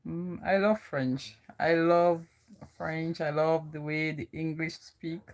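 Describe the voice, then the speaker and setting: A woman's voice: low voice, steady tone, takes it slowly, darkish tone. A young woman from the Virgin Islands with a Virgin Islands accent, chatting casually and rambling with lots of "you know". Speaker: vlogger. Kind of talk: casual chat.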